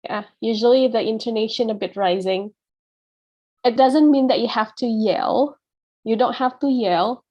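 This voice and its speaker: A woman teaching a class in a patient, explanatory way. Her voice sits a little high, and she talks at an unhurried, slow pace. She keeps checking in with her students as she goes. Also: highs cut off. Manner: patient and explanatory, with frequent "yeah" check-ins; acts out example phrases with a changed tone. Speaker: English teacher.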